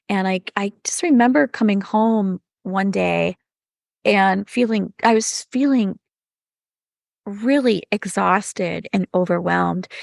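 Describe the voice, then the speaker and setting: A middle-aged woman telling her life story in an earnest, reflective way, her voice carrying a gravelly fry at the edges. The sound is close and dry, with no room around it. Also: mid-range voice, no echo. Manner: earnest and reflective, recounting turning points. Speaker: podcast guest, yoga teacher. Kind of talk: personal storytelling.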